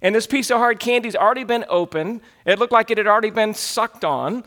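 A man in his thirties, a pastor telling stories in an animated sermon. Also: high voice, a little fast. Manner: animated, quotes others in put-on voices. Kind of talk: sermon storytelling.

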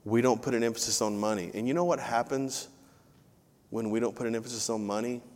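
A man's voice: mid-range voice, a little fast, a little mellow. A male pastor delivering a live sermon, mixing casual asides and self-deprecating jokes with repeated lines for emphasis. His mid-range voice rings out with a long reverb tail from the sanctuary. The delivery is conversational rather than formal. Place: church sanctuary. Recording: live church audio with long hall reverb.

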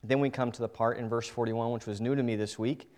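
A man's voice: mid-range voice, fairly even intonation, fast talker. Earnest male pastor preaching a sermon. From New England. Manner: earnest, swings between soft and emphatic; addresses the congregation directly.

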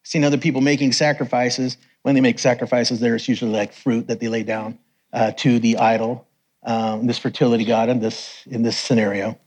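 A middle-aged man preaching, telling personal testimony stories with lively quoted voices. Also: brisk. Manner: animated storyteller, raises pitch for quoted voices. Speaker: missionary preacher. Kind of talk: sermon testimony storytelling.

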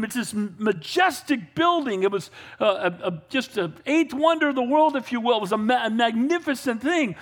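A man preaching a sermon as pastor, swinging from calm asides to fervent, raised passages and calling out to the congregation. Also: very high-pitched, a little fast, few pauses. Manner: builds to fervent, raised preaching, with audience call-outs.

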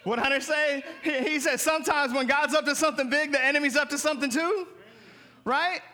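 A man's voice: extremely high pitch, steady tone, a little fast, bright, forceful tone. A male pastor preaching a sermon, calling on the congregation to respond and rising to emphatic peaks.

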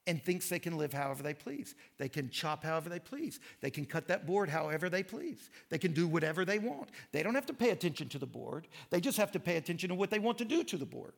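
A man giving a sermon lecture, telling stories and reading quotes with lively emphasis. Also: fairly high pitch, creaky. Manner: animated storytelling, reads quotes with emphasis. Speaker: pastor.

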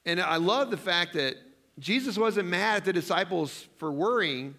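A man's voice: high-pitched, expressive, moderate pace, creaky, bright, forceful tone. A man preaching a sermon as pastor in a church, chatty and self-deprecating, acting out his own worried prayers. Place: church sanctuary.

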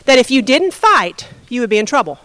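A woman's voice: on the high side, sing-song, a little fast, fairly bright tone, no echo, rough recording. A woman pastor giving a conversational sermon, often asking the congregation questions.

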